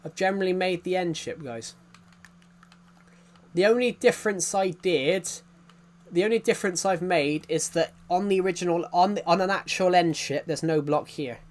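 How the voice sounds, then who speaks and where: British male streamer, slightly high voice. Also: normal speed. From Britain. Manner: rambling, with many fillers and restarts. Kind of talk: casual live-stream game tour.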